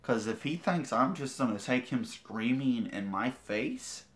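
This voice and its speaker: A man's voice: mid-range voice, lively intonation, unhurried, a bit bright. Profane, defiant man ranting on a livestream. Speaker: vlogger. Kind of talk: livestream rant.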